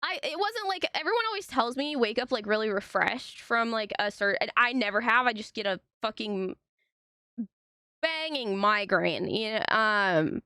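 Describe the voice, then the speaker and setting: A young woman streaming, telling stories in casual chat, animated and full of tangents and swearing. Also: fairly high pitch, moderate pace, smooth, no room sound, clean studio sound. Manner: animated, tangent-prone storytelling with frequent swearing.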